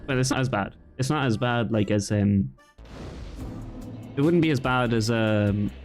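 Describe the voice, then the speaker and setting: A man's voice: medium pitch, a little slow, a little mellow, faint music behind. Rambling young Irish man streaming games. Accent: light Irish. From Ireland. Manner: rambling, chatty, reacts to chat and the game. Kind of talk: casual gaming commentary.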